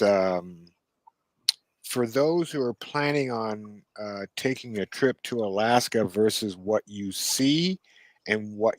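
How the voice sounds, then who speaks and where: A man's voice: lowish voice, no echo, rough recording. Dry-sounding man telling easygoing stories. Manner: unhurried storytelling with asides and chuckles. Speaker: co-host. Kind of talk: casual podcast chat.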